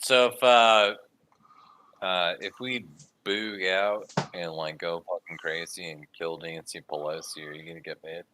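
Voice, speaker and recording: A man in a casual political debate on a stream, blunt and profane, halting with many fillers. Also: low-pitched, steady tone, background noise.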